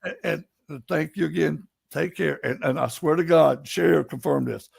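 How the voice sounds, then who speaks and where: A man telling paranormal investigation stories, animated and laughing, in casual chat. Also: a little high, normal speed, creaky, slightly rough, no room sound. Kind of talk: casual storytelling on a live stream.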